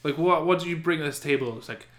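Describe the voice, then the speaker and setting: Guy on a podcast, bright sharp voice, pitched a bit high, lots of swearing and goofy character voices, echoey room. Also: quick pace. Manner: animated, swearing, acts out characters in silly voices. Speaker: podcast co-host. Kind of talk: casual chat.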